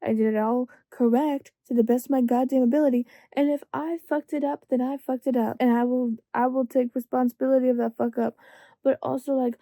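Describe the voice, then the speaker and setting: A woman's voice: sits high, steady tone, brisk, mellow, dry recording. A young woman vlogger ranting late at night, exasperated, rambling and swearing constantly.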